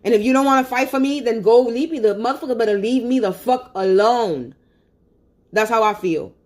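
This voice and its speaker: A woman's voice: fairly high pitch, a little fast, a little mellow. A woman on a phone livestream, venting angrily in a profane, repetitive rant. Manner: angry, profane and repetitive ranting.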